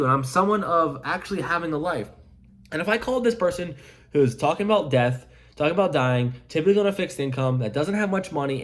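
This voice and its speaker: A man's voice: a little high, a bit bright. A man coaching life insurance sales in an emphatic, repetitive pep-talk to camera. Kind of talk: motivational coaching monologue to camera.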